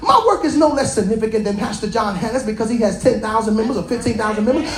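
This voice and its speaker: A preacher giving a lively, colloquial sermon, repeating phrases and calling out to the congregation. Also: mid-range voice, fast, echoey room.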